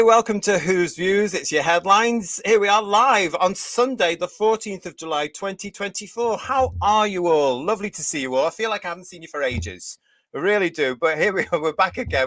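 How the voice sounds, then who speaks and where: A British man hosts a live fan panel, teasing his viewers with sarcastic calls to calm down and laughing between lines. His voice sits fairly high, and the sound is dry and close. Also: no echo. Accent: British English. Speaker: host. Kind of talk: livestream panel chat.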